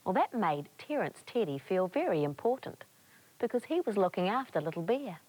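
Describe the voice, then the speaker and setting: A woman, a children's TV presenter, telling a story to young children in a lively, encouraging, sing-song way. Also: medium pitch, normal speed, poor audio.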